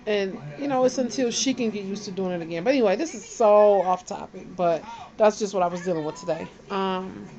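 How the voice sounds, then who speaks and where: A woman's voice: medium pitch, a little fast, rough recording. A woman vlogging in casual chat, talking to her viewers and greeting them one by one. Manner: chatty, shouts out viewers one by one.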